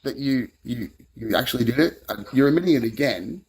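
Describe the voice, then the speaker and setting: A man's voice: mid-range voice, expressive, fairly quick, background noise. A man on a livestream angrily accusing someone and swearing at them. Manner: angry, accusing. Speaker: livestream guest. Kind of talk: heated livestream banter.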